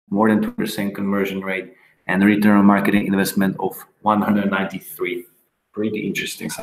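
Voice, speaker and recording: Low gravelly man demoing software. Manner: halting, many fillers and restarts. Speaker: product presenter. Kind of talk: screen-share software walkthrough. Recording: echoey room.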